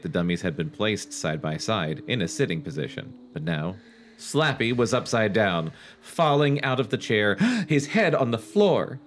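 Male co-host, lively narration, dry jokey asides, faint hiss. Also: mid-range voice. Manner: dry joking interjections while reading. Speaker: podcast co-host reading aloud. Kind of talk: comedic book reading with asides.

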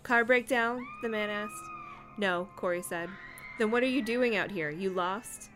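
A woman's voice: mid-range voice, wildly swooping pitch, a little slow, a bit bright, soft background music. A woman co-hosting a casual book podcast, speaking bluntly and reading passages aloud. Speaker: podcast co-host.

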